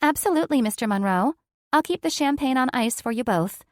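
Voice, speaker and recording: A woman narrating an audiobook, voicing a young female flight attendant with a high, bright and eager courtesy. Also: animated, fairly quick, no echo, clean studio sound. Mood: eager, courteous. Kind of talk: audiobook character voice.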